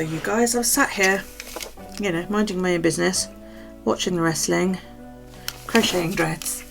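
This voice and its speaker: Gravelly-voiced chatty British woman. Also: lowish voice, normal speed, long pauses, music in the background. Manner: chatty, gossipy storytelling, swears freely. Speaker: vlogger. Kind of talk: casual chat to camera.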